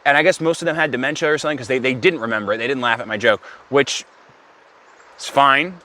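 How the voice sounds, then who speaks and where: A young man telling a comedic story in a rambling, deadpan way, with self-aware asides. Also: mid-range voice, fast.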